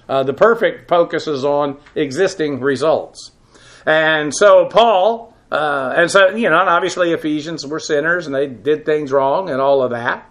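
A man's voice: on the high side, fairly bright tone. A middle-aged man giving a teaching sermon on scripture, explaining Greek grammar with frequent filler "uh"s. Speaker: Bible teacher.

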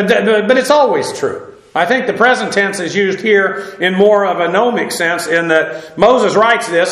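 Bible teacher, male, higher voice, stop-start delivery with plenty of ums, echoey room. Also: a bit bright. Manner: halting, many fillers and restarts, dry asides. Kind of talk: verse-by-verse Bible lesson.

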